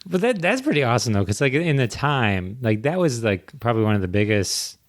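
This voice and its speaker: A man's voice: mid-range voice, sing-song, no room sound, studio quality. A man hosting a podcast interview, cracking jokes and reacting to his guest. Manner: joking, quick reactions. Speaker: podcast host. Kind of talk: casual interview chat.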